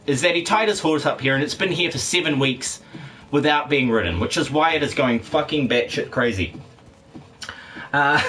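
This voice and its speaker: A man's voice: medium pitch, bright, forceful tone. A middle-aged man, streaming a game and rambling crudely while reading chat aloud. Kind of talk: casual live-stream chat.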